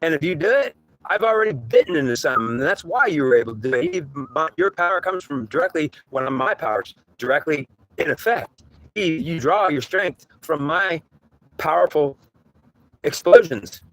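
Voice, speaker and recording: A man in a rambling spiritual talk, voice set a little high. He circles back and repeats words, breaking into acted dialogue. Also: expressive, normal speed, fairly bright tone, rough recording. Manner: rambling, repetitive, acts out dialogue. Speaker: spiritual teacher.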